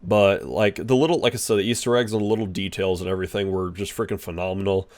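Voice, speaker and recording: A man giving an excitable, rambling movie review, full of restarts and fillers. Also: low-pitched, quick pace. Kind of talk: casual spoken review.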